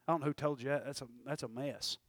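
A man preaching a sermon in church, talking in quick asides and rising to sudden shouted peaks. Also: medium pitch, steady tone, dry recording. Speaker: pastor.

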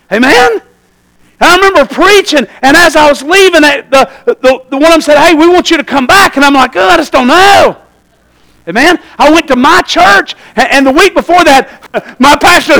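A middle-aged man preaching a sermon, telling lively stories and calling out "Amen?" to the congregation. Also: extremely high pitch, normal speed, poor audio. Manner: animated storytelling, calls out "Amen?" to the congregation. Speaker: pastor.

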